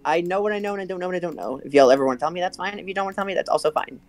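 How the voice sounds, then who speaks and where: A man's voice: high-pitched, very fast, faint music behind. A man in his twenties, chatting casually in a group voice call, joking and swearing as he rambles. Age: 20s. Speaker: stream guest.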